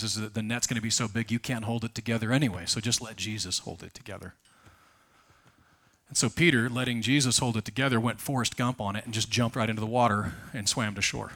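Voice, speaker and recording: Pastor preaching with loud-soft swings. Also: male voice, on the low side. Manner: emphatic storytelling with sudden loud and soft swings. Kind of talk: sermon.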